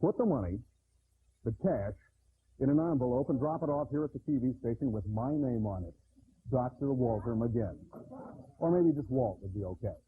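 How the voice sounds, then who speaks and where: A man playing a sleazy con-man doctor selling pamphlets in a comedy infomercial, with an oily sales pitch. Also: animated, normal speed, breathy edge. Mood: salesy. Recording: lo-fi broadcast audio, faint hiss.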